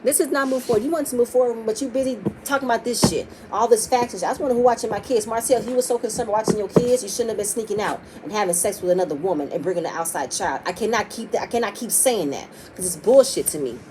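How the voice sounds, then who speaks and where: A woman's voice: fairly high pitch, rapid-fire, few pauses, background noise. A woman recapping a reality TV episode, talking bluntly and profanely and acting out what the cast said. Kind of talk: casual opinionated episode recap.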